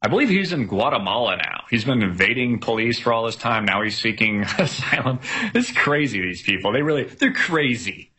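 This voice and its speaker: Man, bright forceful voice, slightly husky, sarcastic rambling news commentary, lots of fillers. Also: mid-range voice, very animated, moderate pace, few pauses. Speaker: commentary show host.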